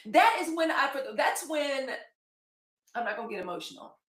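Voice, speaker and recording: Woman in her 40s doing a live news stream, slightly high voice, rambles and shouts out viewers. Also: sing-song, moderate pace. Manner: chatty, digressive, thanks viewers by name. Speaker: host of a daily live news show. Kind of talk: casual livestream chat. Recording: echoey room.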